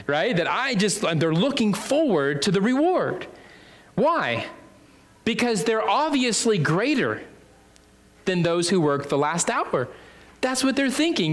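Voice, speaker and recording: A man's voice: fairly high pitch, animated, normal speed. A man preaching a sermon in a conversational way, with many fillers and restarts.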